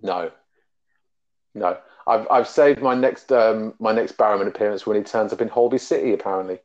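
A man's voice: on the low side, moderate pace, darkish tone. A man hosting a casual geek chat podcast, talking animatedly and laughing often. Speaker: podcast host. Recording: dull lo-fi sound.

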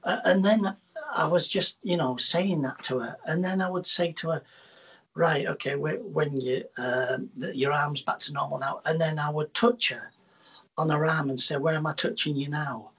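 Gravelly, husky man telling stories. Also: fairly high pitch, normal speed. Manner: rambling, animated anecdotes with many restarts. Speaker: hypnotherapist guest. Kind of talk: casual storytelling in an interview. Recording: dull lo-fi sound.

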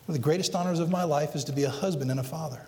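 A middle-aged man preaching a sermon as pastor, acting out quotes dramatically and swinging between loud emphatic peaks and quiet low lines. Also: very fast. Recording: long hall reverb.

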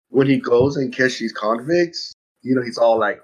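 A man's voice: medium pitch, moderate pace, few pauses, breathy edge, rough recording. A man playing a tabletop game, goofy and laid-back. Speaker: player. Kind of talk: casual game chat.

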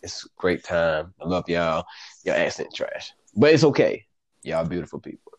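A man hosting a casual chat, joking and teasing in a slangy, expressive way. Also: deep voice, moderate pace, no room sound.

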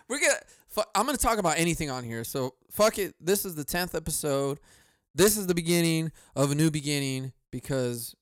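Hosting his podcast solo, a young man rambles and rants casually, swearing heavily and laughing a lot. His fairly high voice is smooth and resonant, picked up by a close mic in a dry, dead room with no echo.

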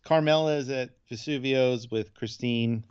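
A man co-hosting a podcast, casually retelling a TV episode in a loose, laid-back way and tossing in quick character voices. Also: medium pitch, darkish tone, clean tone, dull audio. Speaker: podcast co-host. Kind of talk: casual chat recapping a TV episode.

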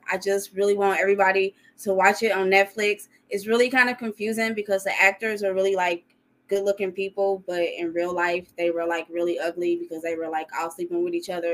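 A woman co-hosting a podcast in casual chat, rambling with lots of "like" and laughing often. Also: lowish voice. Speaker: podcast co-host.

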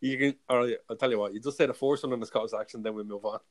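A man hosting a casual podcast chat, chatty and quick to laugh. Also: medium pitch, fairly even intonation, no echo. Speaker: podcast host.

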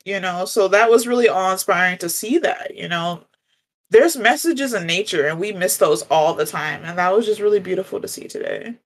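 A woman co-hosting a casual spiritual chat, talking in a gentle, reflective way and laughing often. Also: mid-range voice, normal speed. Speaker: podcast co-host.

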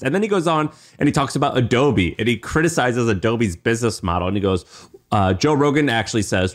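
A man co-hosting a podcast in loose, casual chat. He retells things with mounting excitement and keeps tripping over restarts as his thoughts race ahead. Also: mid-range voice, fairly quick. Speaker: podcast co-host.

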